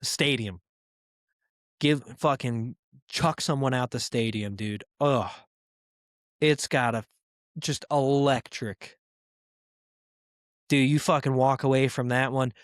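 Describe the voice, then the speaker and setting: A man hosting a comedy podcast, ranting in a crude, profane and animated way. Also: medium pitch, slow pace, pauses often, dry recording, studio quality. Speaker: podcast host. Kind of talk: casual comedic rant.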